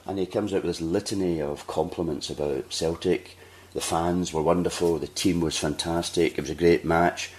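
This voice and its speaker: Man, Scottish accent, very low voice, casual storytelling chat, animated. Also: moderate pace, hardly any pauses. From Scotland. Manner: animated anecdote-telling, acting out quotes. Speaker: podcast host.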